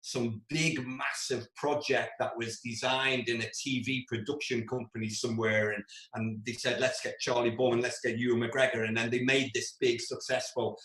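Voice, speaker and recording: A male interviewer asking long, relaxed, rambling questions in a casual chat, often repeating words. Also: mid-range voice, moderate pace, hardly any pauses. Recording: echoey room sound.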